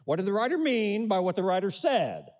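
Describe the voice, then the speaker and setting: A man's voice: sits high, big pitch swings, fairly quick, darkish tone. A middle-aged man preaching a sermon, reading scripture and asking the congregation questions with rising emphasis. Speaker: pastor.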